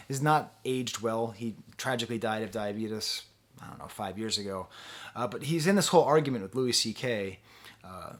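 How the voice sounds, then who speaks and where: Male reviewer, mid-pitched, thoughtful and halting, frequent laughs. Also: fairly bright tone. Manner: musing, hesitant, laughs often. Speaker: music reviewer. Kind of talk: casual spoken album review.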